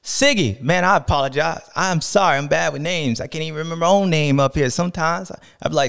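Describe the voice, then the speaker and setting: A man hosting a casual sports podcast, talking in a playful, animated way and drawing out and shouting words for emphasis. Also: fairly high pitch, fast, gravelly, few pauses, clean tone. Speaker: podcast host.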